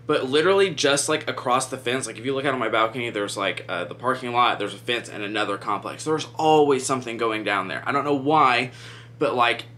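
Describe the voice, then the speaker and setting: A man's voice: medium pitch, fairly quick, pushed and bright. A man casually chatting through a true crime story while doing his makeup, rambling with lots of "like" and "um". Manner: rambling, heavy use of "like" and "um".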